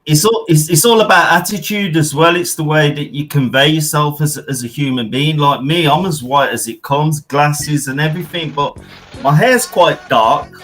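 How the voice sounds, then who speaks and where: Brash, bright-voiced British man calling in. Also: a little high, moderate pace, faint music behind. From United Kingdom. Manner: brash, swears a lot, says "bro" often. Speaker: caller. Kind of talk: casual call-in chat. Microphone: remote call with a weak connection.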